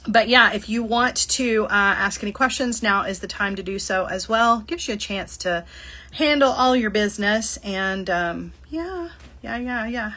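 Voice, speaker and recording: A woman's voice: mid-range voice, lively intonation, moderate pace, pushed and bright. A middle-aged woman with a Southern accent hosting a live shopping stream, chatting casually, laughing often and reading out viewer comments. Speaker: livestream host. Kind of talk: casual livestream chat.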